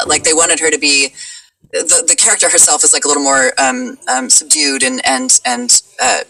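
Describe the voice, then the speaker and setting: Bright-voiced chatty woman guest. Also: deep voice, expressive, fairly quick, distant mic, a little hiss or hum, rough recording. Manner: chatty, laughs easily. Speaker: guest, voice actress. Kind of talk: casual chat.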